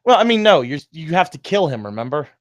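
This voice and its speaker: A man playing at a tabletop game table, excitable and quick to jump in about the rules. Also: a little high, no echo, clean studio sound. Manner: excitable, jumps in to argue rules. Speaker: player.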